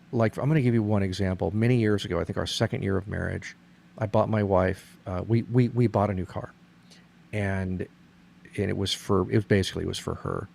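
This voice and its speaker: A man's voice: low-pitched, gravelly, darkish tone. A middle-aged man in casual conversation, earnestly explaining a point with many restarts.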